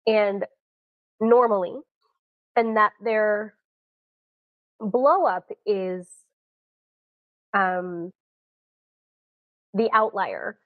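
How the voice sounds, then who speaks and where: Woman, casual advice monologue, frank and animated; thin phone-like audio in a dead-dry space. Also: mid-range voice, very slow, pauses often, no room sound. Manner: frank, animated, acts out quoted voices. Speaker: self-help speaker. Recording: dry, tinny phone-like sound.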